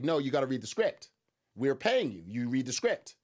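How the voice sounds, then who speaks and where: A man's voice: medium pitch, sing-song, moderate pace. Sarcastic man ranting in casual commentary. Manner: sarcastic, mocking, rambling with many restarts. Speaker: online commentator reacting to a news clip.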